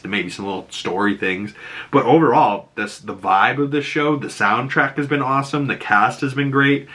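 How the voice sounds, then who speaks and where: A man hosting a show breakdown, recapping scenes in an excitable, loose way full of fillers. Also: on the low side. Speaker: show reviewer.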